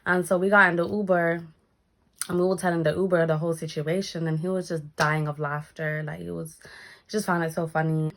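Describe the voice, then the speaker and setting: A young woman tells a story in a casual vlog, acting out what people said with big jumps in her voice. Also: a little fast. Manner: animated, acts out quotes with big pitch jumps. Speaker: vlogger.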